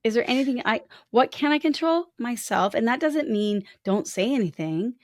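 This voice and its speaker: A woman's voice: on the high side, expressive, moderate pace, a little mellow, no echo, studio quality. A woman co-hosting a podcast in casual conversation, speaking frankly and acting out quoted thoughts with expression. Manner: frank, candid speech. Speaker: podcast co-host.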